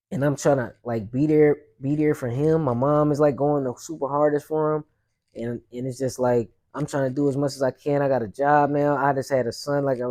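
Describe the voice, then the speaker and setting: Young male host, mellow low timbre, rambling casual street storytelling. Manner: loose, rambling street slang with many fillers. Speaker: podcast host.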